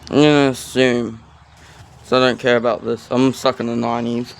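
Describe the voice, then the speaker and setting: In a noisy outdoor setting at a zoo, a male vlogger with a mid-range voice chats casually to his handheld phone camera for a walking vlog. His delivery is flat and moderately paced, and he rambles self-consciously with many fillers.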